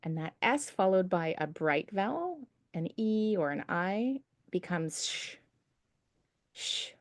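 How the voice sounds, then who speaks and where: A woman's voice: fairly low pitch, expressive, a little slow, no echo, studio quality. A woman teaching a traditional singing class over a video call, patient and encouraging as she explains pronunciation. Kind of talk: online singing lesson. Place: home setup on a video call.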